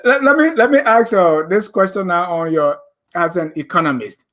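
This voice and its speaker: A man's voice: sits high, normal speed, bright, forceful tone. A man with a Liberian accent hosting an interview, giving short replies and laughing often. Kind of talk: radio interview.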